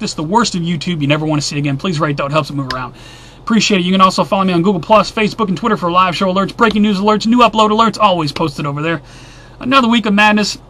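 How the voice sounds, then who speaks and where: A man with a high, bright, forceful voice hosts a weekly news roundup. He reads headlines and cuts in with blunt, sarcastic remarks in a casual tone. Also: a little hiss or hum.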